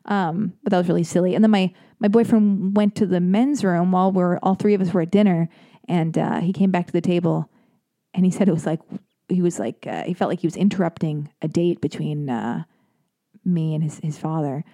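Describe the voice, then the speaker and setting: A woman's voice: on the low side, a little fast, warm tone, dry recording, studio quality. A woman hosting a podcast, talking casually in a rambling, self-deprecating way with lots of fillers and joking asides. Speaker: podcast host. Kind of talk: casual personal monologue.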